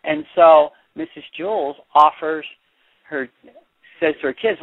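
A man reading a children's picture book aloud as a teacher, chatty and animated, stopping to explain. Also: fairly high pitch, unhurried, long pauses, no room sound. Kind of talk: read-aloud storytelling with commentary. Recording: dry, tinny phone-like sound.

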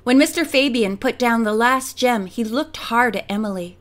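High-voiced woman reading an audiobook. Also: moderate pace. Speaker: audiobook narrator.

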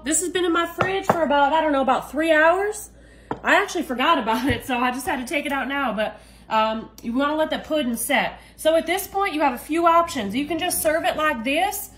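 A woman's voice: high voice, poor audio. A woman hosting a casual cooking demonstration, chatty and enthusiastic. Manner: chatty and enthusiastic, often saying "y'all". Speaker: cooking video host.

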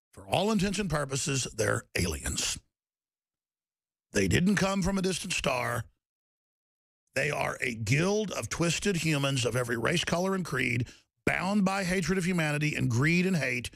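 A middle-aged male host rants through a broadcast monologue, his fairly high voice rough with gravel. He swings between shouted peaks and low, intense stretches. The sound is dry and close. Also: no room sound. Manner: ranting, shifting from loud outbursts to low intensity. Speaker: talk show host.

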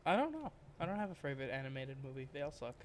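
A man's voice: medium pitch, sing-song, racing, slight background noise. A young man hosting a game series, chatting casually and joking drily while he plays.

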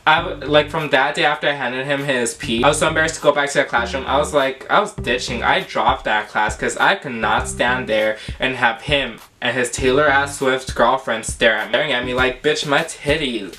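A young man tells a storytime vlog to his camera, sassy, dramatic and loose with swearing. His voice sounds bright and forward. Faint music plays softly under him. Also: medium pitch, fairly quick, hardly any pauses. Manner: sassy, dramatic and profane, with lots of fillers. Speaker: vlogger.

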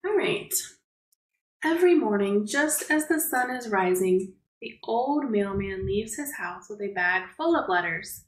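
A woman preschool teacher reading a picture book aloud to young children, gently explaining words and asking them questions. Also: medium pitch, animated, measured pace, reverberant, poor audio.

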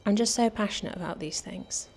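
A woman's voice: fairly low pitch, steady tone, moderate pace, a little mellow, slight background noise. A British woman from the UK chatting enthusiastically through a fashion haul, a little out of breath. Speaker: fashion vlogger. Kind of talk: casual try-on haul chat.

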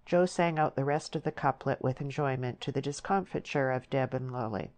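A woman narrating a novel as an audiobook, with measured, descriptive storytelling. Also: rumbling low, a little mellow. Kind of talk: scripted narration.

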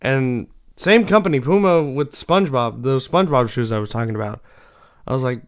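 A man's voice: mid-range voice, moderate pace. A young man hosting his own show, chatting casually in a rambling way with lots of fillers and restarts. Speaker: show host. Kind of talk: casual solo chat.

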